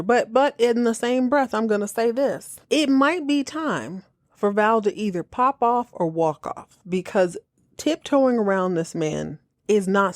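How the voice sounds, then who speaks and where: A woman hosting a podcast, reacting to a TV episode in casual, exasperated commentary, cursing freely and slipping into quick mocking impressions. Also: medium pitch, no room sound, clean studio sound. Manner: animated, exasperated, swears freely, mocks characters in quick impressions. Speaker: podcast host reacting to a TV show.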